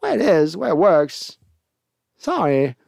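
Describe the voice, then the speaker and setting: A man's voice: fairly high pitch, wildly swooping pitch, normal speed, creaky, darkish tone, no echo, studio quality. A man hosting a sports podcast, casually chatting and reading viewer comments aloud. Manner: chatty, laughs often, reads comments aloud. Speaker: podcast host.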